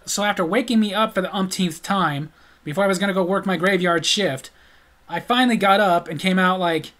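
A man's voice: sits high, a little fast, fairly bright tone. A middle-aged man telling stories in a casual vlog, blunt and sarcastic. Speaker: storyteller.

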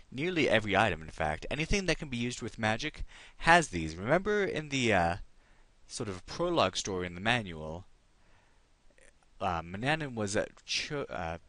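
Low-voiced, animated let's play host, chatty, dry close sound. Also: male voice, no echo. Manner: chatty, reads game text aloud.

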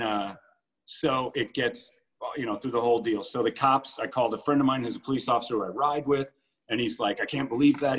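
A man's voice: mid-range voice, fairly bright tone, poor audio. A man co-hosting a podcast, telling a story in a blunt, vengeful way and acting out what people said. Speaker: podcast co-host. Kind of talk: casual storytelling.

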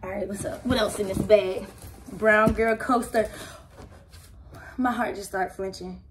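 A young adult woman reacting to gifts in a casual unboxing vlog, excitable and emotional, full of slang and exclamations. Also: medium pitch, measured pace, background noise. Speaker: vlogger opening gifts.

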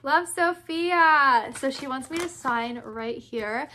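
Young woman, high voice, bubbly and gushing, casual vlog chat, faint hiss behind. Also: bright, forceful tone. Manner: bubbly, gushing, quick to squeal. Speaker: YouTuber opening fan mail.

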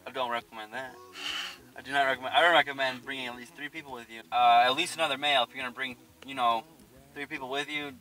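A young man casually telling a spooky story, animated and profane, laughing often. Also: medium pitch, fast. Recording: distant mic.

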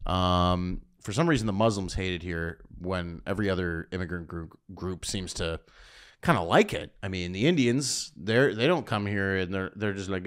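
A man's voice: low voice, normal speed, smooth. A man from Canada, a stand-up comedian ranting sardonically on his own show with rambling, provocative asides. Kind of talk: comedic rant.

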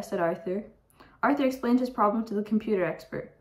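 Reading a picture book aloud to young listeners, a teenage girl sounds animated and a little mellow, with a medium pitch and a fairly quick pace. She voices the characters and adds chatty asides, though the audio is poor.

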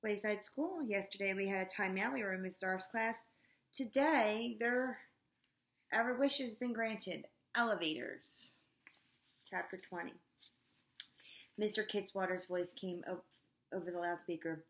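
A woman's voice: mid-range voice, normal speed. A woman teacher reads a children's storybook aloud to her class, chatting casually between passages. Her mid-range voice echoes in a roomy space. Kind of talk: reading a storybook aloud to students. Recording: echoey room.

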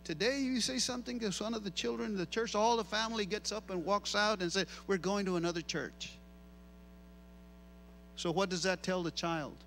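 High-voiced, bright-toned middle-aged pastor. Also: male voice, fast talker, hardly any pauses, a little hiss or hum. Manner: animated, repeats himself for emphasis. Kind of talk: bilingual sermon.

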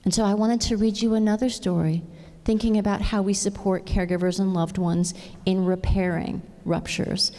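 Middle-aged woman, conference speaker, earnest, engaging, gravelly low voice, long hall reverb. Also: fairly even intonation, normal speed, dark tone. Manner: earnest, engaging, asks the audience "right?". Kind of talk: plenary talk with storytelling.

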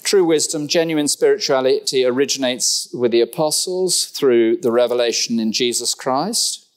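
Animated preacher, wry humor. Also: male voice, medium pitch, normal speed. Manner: animated and humorous, with rhetorical questions. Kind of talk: sermon. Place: church.

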